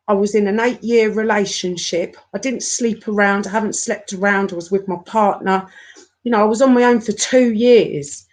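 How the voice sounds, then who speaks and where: A woman in her forties, talking to her viewers in an upset, halting rant, often stopping and repeating herself. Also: mid-range voice. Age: 40s. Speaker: YouTuber. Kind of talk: emotional live-stream rant.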